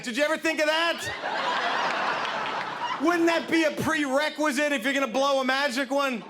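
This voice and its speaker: A man performing a stand-up comedy set on a club stage, animated, shouting his punchlines and acting out characters. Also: very high-pitched, normal speed, crowd noise. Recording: noisy live club recording.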